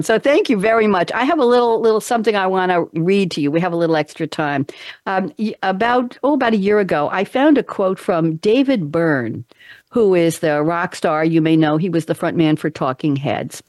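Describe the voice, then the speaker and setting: A woman's voice: lowish voice, moderate pace, a little mellow, no echo, clean studio sound. A woman radio talk show host telling stories in a casual chat, acting out quoted voices with animation.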